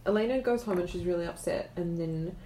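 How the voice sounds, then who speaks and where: A woman's voice: on the low side, a little fast, roomy sound, noisy background. A young woman in casual chat with friends, recapping scenes in an easygoing way with many fillers.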